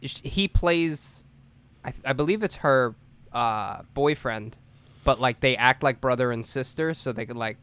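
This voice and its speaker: A man's voice: mid-range voice, unhurried, fairly bright tone, clear, resonant tone. A man co-hosting a casual podcast, rambling through movie stories with fillers and crude jokes. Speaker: podcast co-host. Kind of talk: casual chat.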